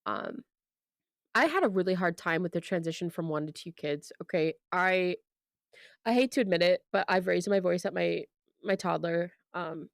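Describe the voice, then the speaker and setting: A woman's voice: on the low side, normal speed, vocal fry, dry recording, clean studio sound. A young mother co-hosting a podcast, talking candidly and earnestly about parenting. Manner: candid and earnest, with frequent restarts. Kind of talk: casual chat.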